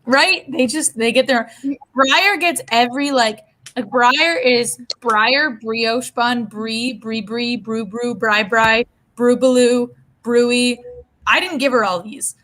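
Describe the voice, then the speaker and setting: A woman hosting a casual group video chat, talking in a chatty, animated way. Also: a little high, takes it slowly, low-quality recording. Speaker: host.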